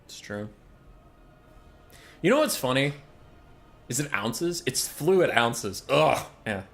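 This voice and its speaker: A man with a mid-pitched voice hosts a game stream in a loose, chatty way. He rants and swears, then swings into loud, exasperated outbursts. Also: sing-song, slow pace, gravelly, soft background music. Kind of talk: casual live-stream chat.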